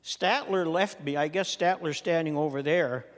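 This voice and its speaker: Older man, retiring senator, folksy dry-humored farewell speech, slightly high voice, long chamber reverb. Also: moderate pace. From Minnesota. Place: legislative chamber.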